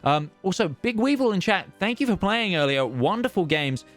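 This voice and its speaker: A man giving live esports commentary, chatty and excitable, full of fillers and restarts. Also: high voice, normal speed, faint music behind. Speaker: esports caster.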